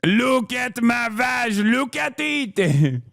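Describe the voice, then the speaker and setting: A woman putting on a mocking, high, drawn-out voice of a haughty older French woman with a fake French accent. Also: big pitch swings, vocal fry, fairly bright tone, dry recording, studio quality, exaggerated voice. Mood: mocking theatrical. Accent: mock French.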